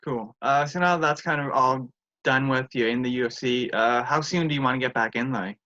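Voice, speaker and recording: Bright-toned male interviewer, muffled audio. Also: medium pitch, a little fast. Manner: upbeat, easygoing, laughs along. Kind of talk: casual interview questions. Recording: dull lo-fi sound.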